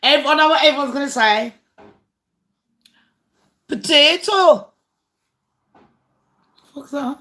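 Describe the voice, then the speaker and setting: Woman, livestream host, casual chat, blunt and sweary, unhurried delivery. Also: high voice, a bit bright. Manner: blunt and foul-mouthed, chatty. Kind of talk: casual chat game with live viewers.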